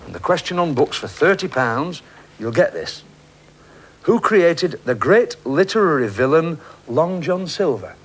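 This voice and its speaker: On a 1980s televised quiz show with a studio audience, a middle-aged male host banters, teases the contestants, and laughs a lot. His voice is on the high side, swinging widely in pitch, and his pace is measured.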